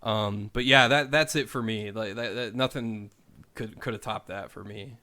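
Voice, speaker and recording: Bright-voiced man chatting casually. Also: lowish voice, moderate pace. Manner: animated, rambling with many restarts. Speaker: podcast co-host. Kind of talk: casual chat.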